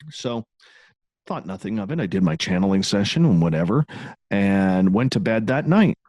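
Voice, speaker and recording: A man tells a personal story in a relaxed, candid way, his pitch rising and falling freely as he goes. He talks like a radio host who is used to the mic. The sound is close and dry, with no room around it. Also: moderate pace, no echo. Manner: animated, candid, swears casually. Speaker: guest, radio show host. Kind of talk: casual storytelling in an interview.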